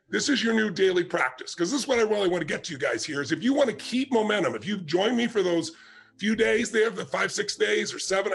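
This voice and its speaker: A man's voice: high voice, creaky. A man in his sixties giving a motivational talk, telling stories emphatically and acting out quotes. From United States. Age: 60s. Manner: storytelling, emphatic, acts out quotes. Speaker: motivational speaker.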